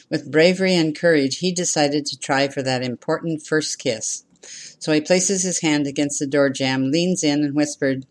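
A minister preaching a sermon with a measured, steady delivery. Phrases return again and again, and the speaker leads the congregation in call-and-response. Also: mid-range voice.

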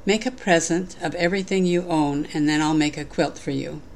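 A woman voicing a kind, calm quilt maker while reading a story aloud. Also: low-pitched, fairly quick, gravelly. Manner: gentle, plain storybook reading.

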